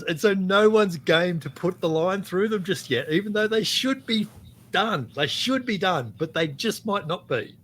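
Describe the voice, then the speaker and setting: A man's voice: sits high, expressive, normal speed, fairly bright tone. A man co-hosting a rugby podcast, chatty and teasing. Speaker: podcast co-host. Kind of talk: casual podcast chat.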